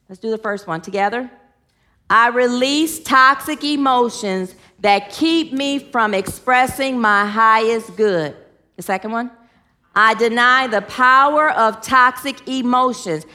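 A woman's voice: medium pitch, fairly bright tone. A woman giving a spiritual teaching talk, repeating phrases for emphasis and leading her listeners in affirmations.

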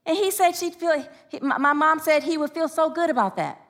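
A woman's voice: high-pitched, a little fast, fairly bright tone. A woman preaching a sermon in church, emphatic and calling out to the congregation for responses.

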